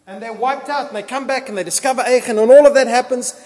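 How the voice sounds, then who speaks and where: Man, pastor's sermon, playful storytelling, high-pitched, long hall reverb. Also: a little fast, hardly any pauses. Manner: lively, acts out biblical dialogue in casual voices.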